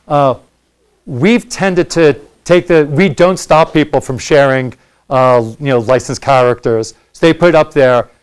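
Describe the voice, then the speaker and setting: A middle-aged man takes audience questions after a university lecture. His voice sits a little high for a man, and he explains things conversationally, often restarting his sentences with fillers. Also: clean tone.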